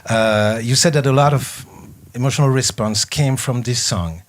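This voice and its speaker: A man's voice: mid-range voice, normal speed, slight background noise. Jovial male radio host. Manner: jovial, laughs often. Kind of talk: casual radio interview, translating into French.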